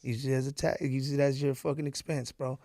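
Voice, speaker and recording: A man's voice: medium pitch, level tone, brisk, mellow, dry recording, clean studio sound. A man from Mexico, a podcast guest, telling stories casually with plenty of swearing and "bro". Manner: profane, emphatic, says "bro" often. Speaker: entrepreneur guest.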